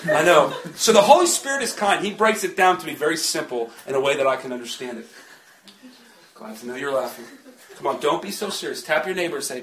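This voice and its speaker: Laughing high-voiced man preaching. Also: expressive, fast talker, a bit bright, slight background noise. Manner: chatty, laughing, jokes with the congregation. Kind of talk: sermon. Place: church. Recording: echoey church from a distant mic.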